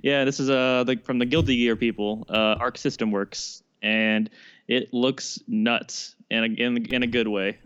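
A man co-hosting a gaming podcast, talking casually and chattily with halting restarts. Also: medium pitch, fairly even intonation, a bit bright, clear, resonant tone, muffled recording. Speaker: podcast co-host. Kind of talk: casual chat.

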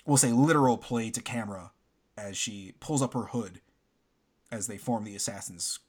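A man's voice: lowish voice, normal speed, crowd noise. A man chatting casually about a video game he played, rambling with lots of fillers and restarts. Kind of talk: casual game review chat.

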